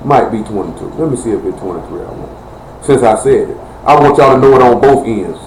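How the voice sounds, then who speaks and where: A man's voice: mid-range voice, lively intonation, brisk, a little mellow. A man preaching a fiery live-streamed sermon in a heated, blunt and rambling colloquial way. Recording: echoey room with faint noise.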